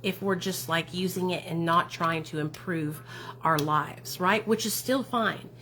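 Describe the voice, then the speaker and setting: On a livestream, a woman who advocates for addiction recovery and streams talks casually with a fairly low, sharp-toned voice, a little slow, over slight background noise. She answers viewer comments in an affirming, encouraging way, often ending her points with questions.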